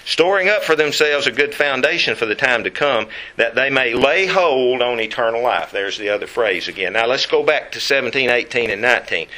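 A man preaching a Bible lesson, emphatic and slowing down to stress key words. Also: medium pitch, expressive, sharp tone.

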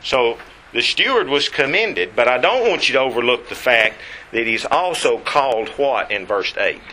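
A man preaching a sermon, reading scripture aloud and stressing key words deliberately. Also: mid-range voice, lively intonation, sharp tone, a little hiss or hum, poor audio.

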